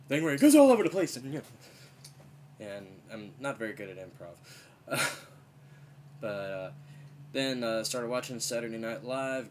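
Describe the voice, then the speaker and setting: A man's voice: fairly low pitch, fairly bright tone, slight background noise. A man chatting casually in a vlog about doing voices, rambling with lots of fillers while fighting a slight head cold. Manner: rambling, full of "you know" and "uh". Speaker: vlogger and impressionist. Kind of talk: casual chat.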